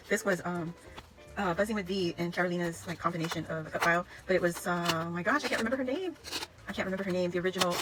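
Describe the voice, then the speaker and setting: A woman vlogger talking straight to her viewers in a gushing, effusive way, full of little laughs and delighted exclamations. Her voice sits at an ordinary middle pitch, with faint music playing underneath. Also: a bit bright. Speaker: craft vlogger opening gifts. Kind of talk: casual unboxing chat to camera.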